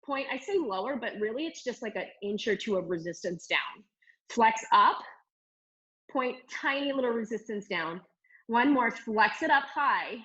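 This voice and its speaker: Woman Pilates instructor, higher voice, upbeat counting cues, strained from exercising along, slightly dull lo-fi sound. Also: lively intonation, moderate pace, a bit bright. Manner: upbeat counting and cueing while doing the moves. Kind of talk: live online fitness class cueing. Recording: slightly dull lo-fi stream audio.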